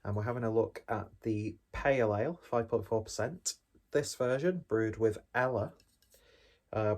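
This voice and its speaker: Rambling, jokey man, low voice. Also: a little mellow, slight background noise. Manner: rambling, jokey and self-deprecating. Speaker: beer reviewer. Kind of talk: casual beer review vlog.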